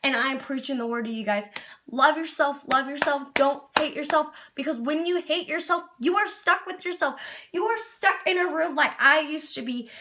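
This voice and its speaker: A woman's voice: sits high, animated, brisk, sharp tone. A young woman talking to camera in an earnest, rambling personal vlog, laughing at herself and at times tearful. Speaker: vlogger.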